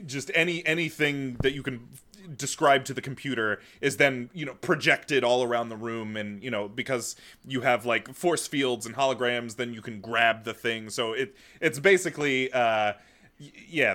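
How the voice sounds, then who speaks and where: Man with a bright, forceful voice. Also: mid-range voice. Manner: long eager explanations, swears casually. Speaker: podcast co-host. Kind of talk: casual chat.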